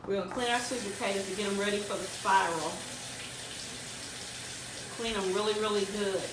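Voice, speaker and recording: A woman's voice: medium pitch, steady tone, moderate pace. A woman talking through a recipe step by step in a casual cooking tutorial, filmed in a home kitchen. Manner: homey step-by-step instructions. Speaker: home cook demonstrating a recipe. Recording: echoey kitchen from a distant mic with background noise.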